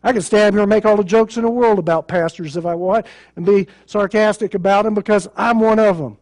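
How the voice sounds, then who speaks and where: A man's voice: sits high, fairly even intonation, brisk, darkish tone. A male pastor preaching a sermon in a plain conversational way, with sarcasm and rhetorical questions.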